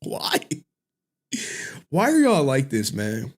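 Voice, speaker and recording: A man's voice: medium pitch, wildly swooping pitch, slow pace, darkish tone. A man joking with his chat in casual livestream commentary, full of slang and asides. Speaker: streamer reacting to clips.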